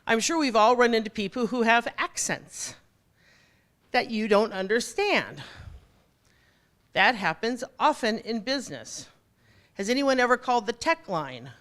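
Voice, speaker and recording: A woman giving a motivational keynote talk. She speaks straight to the audience, with a jokey, animated delivery. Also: a little high, measured pace, long pauses.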